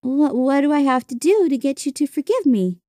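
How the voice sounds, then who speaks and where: A woman voicing a young girl who talks in an earnest, soft-spoken, apologetic way. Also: sits high, lively intonation, normal speed, dry recording, studio quality, voice pushed up.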